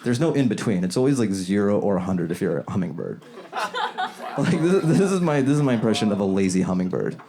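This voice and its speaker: A male stand-up comedian working a club crowd in a loose, conversational way, now and then jumping into high, silly voices. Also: sing-song, quick pace, gravelly. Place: comedy club before a live audience. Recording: loud crowd laughter around the voice.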